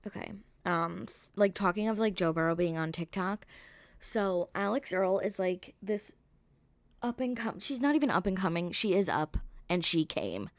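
A woman's voice: fairly low pitch, animated, moderate pace, no echo. A young woman hosting a solo gossip podcast, rambling and sarcastic with constant swearing. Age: young adult. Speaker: podcast host.

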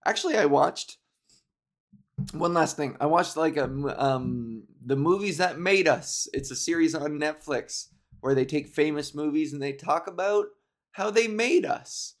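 A male comedian with a slightly higher voice, talking alone in a loose podcast monologue. He wanders from thought to thought, joking and poking fun at himself. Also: lively intonation, normal speed. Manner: rambling, jokey and self-deprecating. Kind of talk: casual solo podcast monologue.

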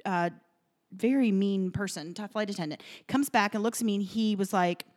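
Female podcast co-host, casual storyteller, emotional and animated, chatty with fillers, recorded at a home kitchen table. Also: medium pitch, moderate pace.

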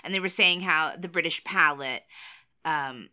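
A woman's voice: sits low, a little slow, bright, forceful tone. An American woman in casual conversation who laughs often and trails off mid-sentence. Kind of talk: casual chat.

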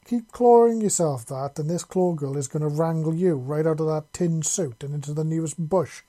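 A man's voice: a little high, normal speed, dark tone, close to an everyday voice. A man voicing a huge, playful female clawed creature who teases in a throaty way. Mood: teasing. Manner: teasing, throaty.

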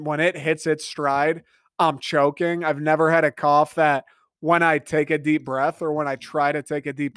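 A man's voice: on the high side, clear, resonant tone, no room sound, studio quality. Profane young man telling a story. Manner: profane, animated storytelling with mock dialogue. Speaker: podcast host. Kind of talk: casual solo monologue.

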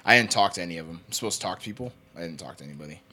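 A man's voice: sits low, animated, very fast, bright, forceful tone, breathy edge. A young man in his twenties, casually telling rambling stories on a podcast, swearing and laughing often. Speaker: podcast co-host. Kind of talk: casual chat.

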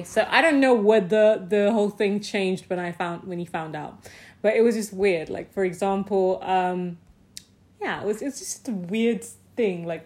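A woman casually telling a personal story, animated, swearing freely and packing her talk with "like". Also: mid-range voice. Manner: often laughs mid-sentence.

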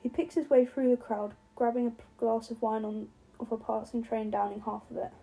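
Woman narrator reading a novel, husky and mellow, slight stumbles. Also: a little high, little pitch movement, brisk, low-quality recording. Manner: stumbles and restarts words now and then. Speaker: audiobook narrator.

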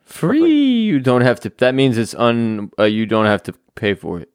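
Podcast cohost guy, lowish voice, dry deadpan one-liners, plays along w the bits. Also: normal speed, clear, resonant tone. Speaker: podcast co-host. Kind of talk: casual podcast chat.

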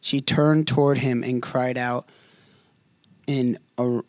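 A man's voice: mid-range voice, fairly even intonation, slow, no echo. A young man co-hosting a casual Bible discussion, chatty and hesitant as he reads aloud with restarts. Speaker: co-host.

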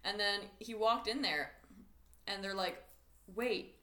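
A young woman playfully inventing a crude ghost story, giggling and pausing with ums. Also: medium pitch, bright, forceful tone. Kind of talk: improvised comic ghost storytelling. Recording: echoey room.

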